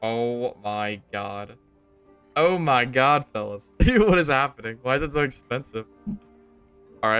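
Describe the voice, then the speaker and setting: A young man casually commenting on his gameplay to stream viewers, joking and exasperated, jumping to loud high outbursts. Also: clean tone. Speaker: game streamer.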